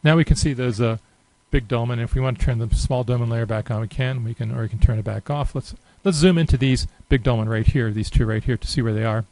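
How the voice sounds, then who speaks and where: Guy walking through a software demo, lots of uhs, close dry mic. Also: medium pitch, fast talker, hardly any pauses, dry recording, rough recording. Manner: relaxed, thinking aloud with many fillers. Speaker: software demonstrator. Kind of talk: screen-recorded software tutorial.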